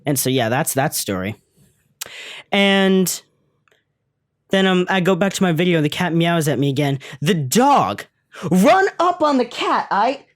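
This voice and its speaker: Animated, profane woman vlogger telling stories. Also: low-pitched, unhurried, pauses often, no echo, studio quality. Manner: profane, slangy, animated storyteller. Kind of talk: comedic storytelling vlog.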